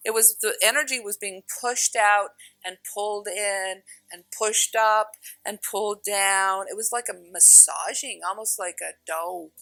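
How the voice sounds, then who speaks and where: A woman giving a casual spiritual talk, telling stories with lively acted-out quotes. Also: mid-range voice, measured pace, vocal fry, hardly any pauses, no echo, rough recording. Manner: animated storyteller, acts out quotes. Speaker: spiritual teacher.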